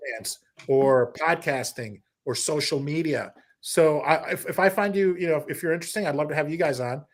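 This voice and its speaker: A man, a comedian guest on a podcast, telling stories in a lively, casual way and breaking into impressions. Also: on the high side, brisk. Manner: animated storyteller, slips into impressions. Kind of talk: casual interview storytelling.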